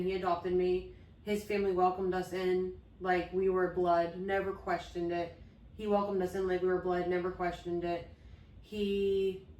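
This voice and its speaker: Woman co-host, heartfelt and earnest, lower voice, echoey room, set back from the mic. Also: recorded from a distance. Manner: earnest, open, loses her train of thought. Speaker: podcast co-host. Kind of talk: heartfelt conversation about grief.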